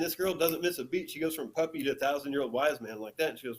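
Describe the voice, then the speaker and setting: A man's voice: on the high side, fast, hardly any pauses. A man, a podcast guest, telling a story in a casual way, chuckling often and saying "you know" a lot.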